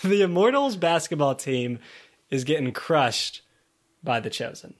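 A man chatting casually about a tabletop game session, animated and laughing in mock outrage. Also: fairly high pitch, a little slow.

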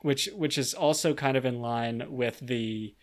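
A young man co-hosting a podcast, chatting casually and laughing about a book. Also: medium pitch. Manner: laughing, joking, quick asides. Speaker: podcast co-host. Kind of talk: casual book discussion chat.

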